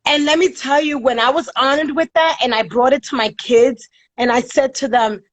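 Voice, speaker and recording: A woman guest in a casual interview chat, talking in an earnest, measured way. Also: high-pitched, fairly even intonation, low-quality recording.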